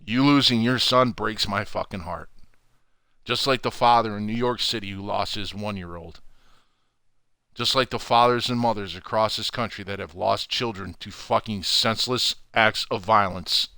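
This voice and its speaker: A man hosting his own channel, ranting furiously to camera from home with heavy swearing and loud outbursts. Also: lowish voice, normal speed, dry recording, clean studio sound. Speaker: channel host. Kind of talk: angry profane rant to camera.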